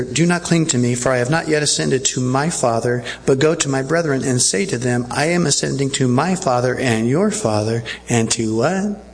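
A man's voice: mid-range voice, gravelly, slight background noise, low-quality recording. A male pastor preaching a sermon earnestly and checking in with his listeners.

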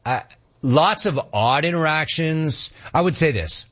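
Husky-voiced sports radio host man. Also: fairly high pitch, unhurried, highs cut off. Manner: animated storyteller, acts out dialogue. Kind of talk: casual listener Q&A.

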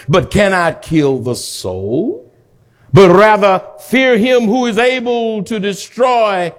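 Preacher, male, high-pitched, slow unhurried delivery, swings between quiet reading and loud exhortation. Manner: exhorting, calls for congregation to repeat. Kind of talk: sermon.

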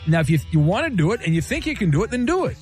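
Male talk radio host, high voice, brisk and teasing, faint music bed. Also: big pitch swings, darkish tone. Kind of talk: casual sports-talk radio banter.

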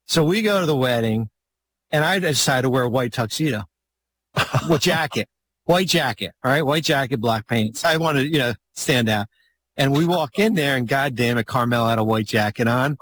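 A man's voice: medium pitch, moderate pace, slight background noise. Rambling man telling a story. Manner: rambling, animated, many restarts and fillers. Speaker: guest storyteller, former basketball executive. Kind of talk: casual podcast storytelling.

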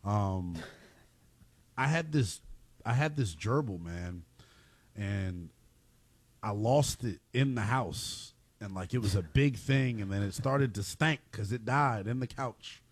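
Lively, jokey man with a dry sound. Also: lowish voice, no room sound. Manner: animated, jokey, quick to laugh. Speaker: podcast co-host. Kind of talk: casual chat.

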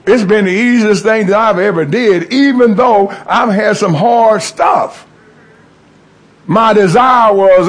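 A man's voice: sits high, measured pace. A middle-aged man preaching a testimony sermon, calling out to the congregation. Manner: call-and-response preaching, rising and falling emphasis.

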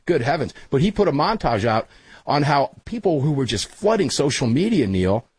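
Chatty husky male radio host. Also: medium pitch, moderate pace, dry recording. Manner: energetic, chatty, calls everyone brother. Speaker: radio talk show host. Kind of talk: casual talk radio hosting. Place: small hot studio full of equipment. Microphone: studio microphone.

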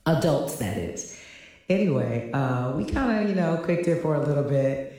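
A woman's voice: deep voice, lively intonation, moderate pace, mellow. A woman co-host reading out a chatty diary story, laughing often and acting out the people she quotes. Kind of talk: storytelling segment. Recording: roomy echo, somewhat off-mic.

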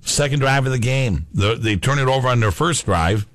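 A man's voice: medium pitch, animated, normal speed, fairly bright tone, no room sound. A man co-hosting a sports talk show, casual and jokey, bantering with his partner. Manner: jokey, banters, throws in put-on accents. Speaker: sports radio co-host.

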